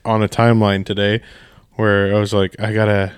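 A man's voice: fairly low pitch, little pitch movement, normal speed, clear, resonant tone, no echo, clean studio sound. A man chatting casually about fishing, laid-back and profane, laughing often.

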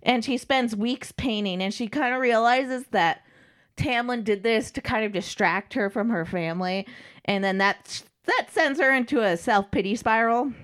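A woman's voice: on the high side, normal speed. A woman co-hosting a podcast, recapping a novel in casual, irreverent chat and swearing freely. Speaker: podcast co-host.

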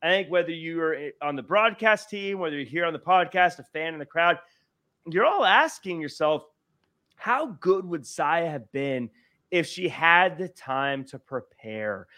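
A man's voice: fairly high pitch, unhurried. A man co-hosting a podcast, arguing his point in casual chat and acting out quotes along the way. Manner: animated, argumentative, acts out quotes. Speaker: podcast co-host.

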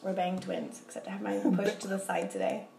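A woman's voice: mid-range voice, level tone, a little fast, creaky. A young woman chatting casually as a podcast guest, giggly and rambling, telling confessional stories. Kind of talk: casual chat. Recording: roomy echo, faint background noise.

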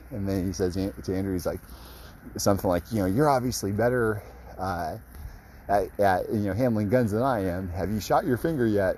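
A man telling an excited, rambling story about his custom card work, full of fillers. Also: fairly low pitch, slight background noise, low-quality recording. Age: adult, grew up a fan. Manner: rambling, many fillers, gushing.

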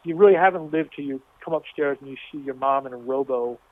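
A man reminiscing thoughtfully in an interview, relaxed and unhurried. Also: medium pitch. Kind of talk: reflective interview chat. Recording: tinny phone-like recording.

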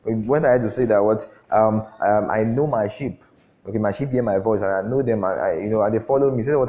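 A man preaching a sermon, often throwing questions at the congregation and filling pauses with "um". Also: on the low side. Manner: call-and-response questions, frequent fillers. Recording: dull lo-fi recording.

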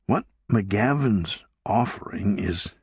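A man's voice: fairly low pitch, animated, takes it slowly, breathy edge, dry recording, clean studio sound, full character voice. A man doing a hesitant old husband. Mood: reflective. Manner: hesitant, reflective. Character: elderly husband, thoughtful and wry.

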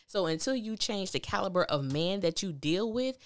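A woman's voice: medium pitch, lively intonation, normal speed, few pauses, no room sound. A woman hosting a podcast, recapping a TV drama in candid, opinionated casual talk and acting out the characters' lines. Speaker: podcast host reviewing a TV drama.

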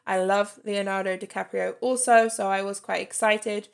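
A woman in her thirties talks through a film she watched in a casual, open review. Her voice has a noticeable vocal fry, and she breaks into light laughs between points. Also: medium pitch, steady tone, normal speed, hardly any pauses. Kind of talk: casual spoken movie review.

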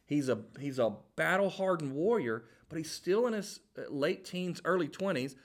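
Male preacher, slightly high voice, very lively pitch, playful storytelling sermon. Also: normal speed. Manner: animated, jokey storytelling with acted-out quotes.

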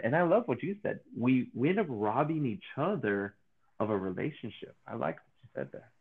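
A man telling a personal faith story in a casual interview, animated and full of restarts. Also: mid-range voice, moderate pace, gravelly, husky. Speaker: guest. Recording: tinny phone-like line.

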